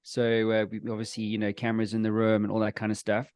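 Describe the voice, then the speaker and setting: A man's voice: lowish voice, completely flat delivery, quick pace, a little mellow, smooth, dry recording, studio quality. A man hosting a casual podcast, asking questions and telling loose, profane stories. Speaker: podcast host.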